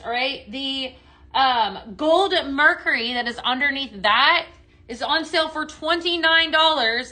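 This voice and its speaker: A woman hosting a live sales stream, gushing excitedly and talking straight to her viewers in a chatty product demo. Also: sits high, low-quality recording. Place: indoors, dimmed room.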